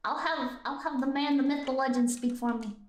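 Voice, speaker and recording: Woman host, casual stream chat, high and bouncy, playful and giggly, roomy echo. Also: steady tone, brisk.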